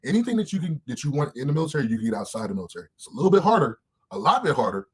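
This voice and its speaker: A man in his thirties, a podcast guest telling candid stories in an animated way, swearing freely and acting out other people's voices. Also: a little high, racing, slightly rough. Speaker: interview guest.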